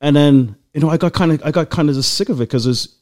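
A man in casual chat, telling a long personal story in a rambling, animated way with lots of fillers. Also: on the high side, fast talker. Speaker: guest.

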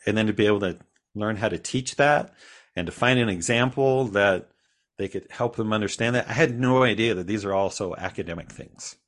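A man's voice: on the low side, brisk. A man guest on a podcast, telling his own story in a rambling, casual way with frequent restarts and small laughs.

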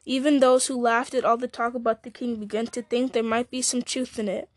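Woman reading a novel aloud, fairly high voice, dry close sound, small slips. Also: fairly quick, dry recording. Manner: steady, with small slips and restarts. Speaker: audiobook reader.

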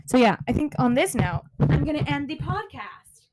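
A woman's voice: high-pitched, very animated, normal speed, few pauses, noisy background. Frustrated teenage girl podcasting from her bedroom. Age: teens. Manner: frustrated, swears a lot, sudden exclaims. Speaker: podcast host. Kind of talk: casual solo podcast chat. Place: small bedroom.

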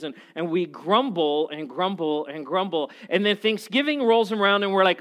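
A man preaching a sermon as a pastor, telling stories in an animated, conversational way. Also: sits high, moderate pace, few pauses.

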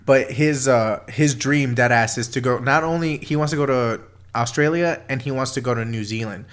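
A man's voice: mid-range voice, moderate pace, a bit bright, smooth. A young man co-hosting a loose podcast, talking in a middle register with rambling, profane banter. He laughs often and keeps circling back mid-sentence. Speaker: podcast co-host.

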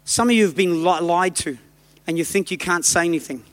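Preacher, male, very high and bright voice, emphatic exhortation, long hall reverb. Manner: emphatic, exhorting, rapid bursts. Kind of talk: sermon.

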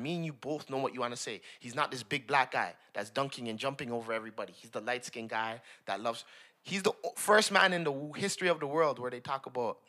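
A man's voice: mid-range voice, sharp tone. A man co-hosting a casual sports podcast, talking in a heated, emphatic way. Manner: heated and emphatic, says "fam" constantly. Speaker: podcast co-host.

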